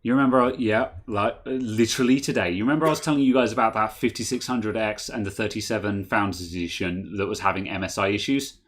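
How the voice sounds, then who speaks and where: Brief: man, lowish voice, casual tech co-host, loose and self-correcting, home mic on a call. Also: fairly even intonation, fast, few pauses. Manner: rambling, self-correcting, chuckles often. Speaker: tech podcast co-host reading super chats. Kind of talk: casual chat over a video call.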